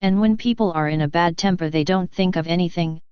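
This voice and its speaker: A practical young peasant girl, poor but brave, talks, as a woman reads her in a smooth, very clear voice. The sound is dry and a touch dull. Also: on the low side, brisk, dry recording, close to an everyday voice. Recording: slightly dull, dry recording.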